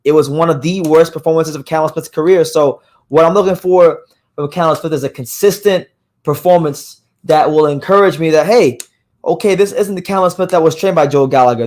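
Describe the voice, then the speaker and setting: A boxing podcast host runs through fight news on a live stream, his slightly high voice hoarse today. His talk is loose and casual, circling back on itself with many fillers and restarts.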